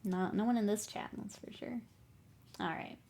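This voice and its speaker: A woman's voice: medium pitch, fairly even intonation, moderate pace, dark tone. A woman streaming her miniature painting, chatting casually, laughing often and answering her chat while she works.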